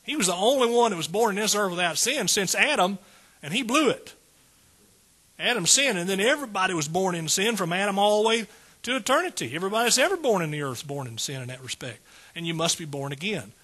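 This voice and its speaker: A man's voice: high-pitched, expressive, quick pace, pushed and bright, breathy edge. A male preacher giving a folksy sermon and calling out questions to his congregation.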